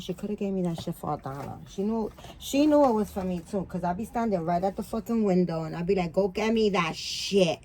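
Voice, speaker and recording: A woman hosting a doll vlog in casual chat, loose, profane and rambling with many fillers, cooing softly at her dolls. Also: lowish voice, slight background noise. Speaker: doll channel host.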